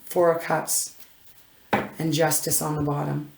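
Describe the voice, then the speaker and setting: A woman's voice: sits low, flat delivery, a little slow, vocal fry, roomy sound, a little hiss or hum. A woman reading tarot in a casual, effusive way, gushing over each card and rambling with frequent restarts. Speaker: intuitive tarot reader.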